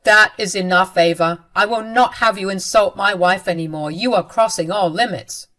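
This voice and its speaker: A woman's voice: mid-range voice, normal speed, fairly bright tone, natural voice. A woman voicing an angry, protective young husband in a dramatized story. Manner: firm, indignant.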